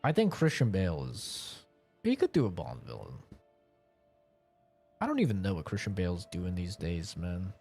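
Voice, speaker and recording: A man's voice: sits low, very animated, moderate pace, pauses often, a little mellow, husky, faint music behind. A young man streaming and chatting casually, rambling and joking with a lot of swearing. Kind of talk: casual chat.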